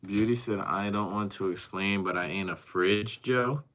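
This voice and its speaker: A young man streams from a rented apartment, reading chat messages out loud and reacting with casual, profanity-laced banter. His voice sits on the low side. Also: normal speed. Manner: reads chat messages aloud and reacts, swearing.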